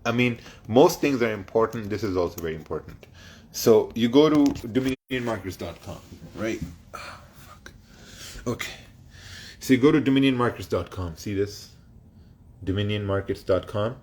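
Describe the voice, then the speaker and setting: A man with a somewhat low-pitched voice hosts a trading livestream, working through his chat in casual Q&A. He answers bluntly, swears freely, and laughs between replies. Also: lively intonation, normal speed, pauses often, darkish tone, slight background noise.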